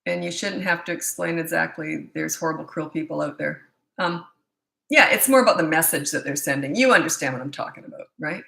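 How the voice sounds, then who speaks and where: A woman's voice: low voice, brisk, gravelly, a bit bright, echoey room. A woman in her sixties from Canada, a parenting coach answering viewer questions in a blunt, firm, opinionated way with rambling asides. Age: 60s.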